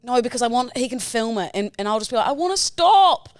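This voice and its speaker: A woman's voice: on the high side, steady tone, fast talker, dry recording. A young woman co-hosting a podcast, playful and teasing, laughing often in casual banter. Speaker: podcast co-host.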